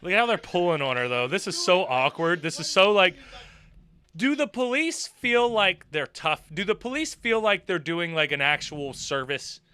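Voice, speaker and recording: A man's voice: high voice, expressive, moderate pace, sharp tone, clean tone. A man giving sarcastic, laughing commentary on a video he is reacting to.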